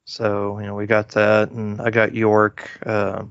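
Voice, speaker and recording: A man's voice: fairly low pitch, measured pace, clear, resonant tone, no echo. A man hosting a podcast, chatting casually through a movie review with many fillers and restarts. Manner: relaxed, rambling, lots of fillers and restarts. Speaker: podcast host. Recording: dull lo-fi dry recording.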